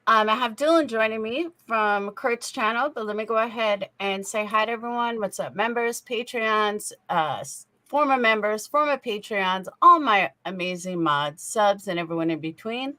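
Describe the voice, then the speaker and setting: A woman hosts her own livestream, greeting viewers and talking straight to them in a chatty, casual way. Her voice sits at an ordinary pitch and comes through a computer microphone on a call. The connection cuts in and out now and then. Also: moderate pace, few pauses, sharp tone, no room sound, rough recording. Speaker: YouTube channel host. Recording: connection cutting in and out.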